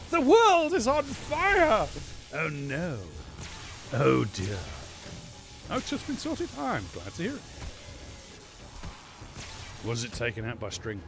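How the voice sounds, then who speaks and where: Male streamer, gravelly, lively pitch, sweary running commentary, noisy game audio behind. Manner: excitable, swears often, chats to viewers while playing. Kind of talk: live gameplay commentary.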